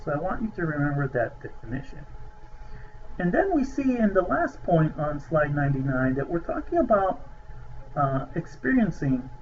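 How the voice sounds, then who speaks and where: A man's voice: a little high, lo-fi sound, a little hiss or hum. A man giving a recorded lecture over slides, hesitant with many filler sounds, stressing key terms.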